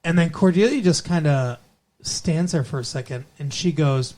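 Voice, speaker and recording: A man's voice: a little high, animated, normal speed, darkish tone, slight background noise. Rambling man recapping an episode. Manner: rambling with many fillers. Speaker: podcast co-host.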